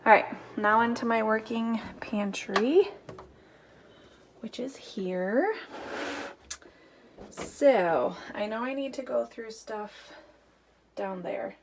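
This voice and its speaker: Touring her home pantry and basement storage, a chatty homemaking vlogger thinks aloud in a practical way, packed with fillers. Still out of breath from the stairs, she speaks slowly in a higher voice, pausing often. The background is noisy in this casual walk-through vlog.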